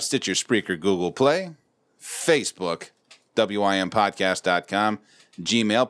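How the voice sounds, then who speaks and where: A man's voice: fairly low pitch, fairly bright tone. A middle-aged man hosting a podcast, joking around and swearing freely in casual banter. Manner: profane, joking, loose delivery. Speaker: podcast host.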